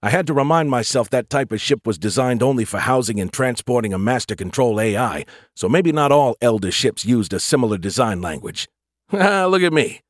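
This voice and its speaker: A man reading a sci-fi audiobook in a measured, wry first-person narration. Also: mid-range voice, dry recording, clean studio sound.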